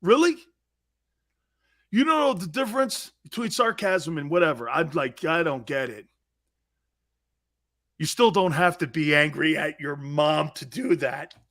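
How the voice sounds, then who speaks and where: A man hosting a sports talk show, ranting loudly with frequent laughter, shouts and mocking asides. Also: on the high side, unhurried, pauses often. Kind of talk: energetic sports talk rant.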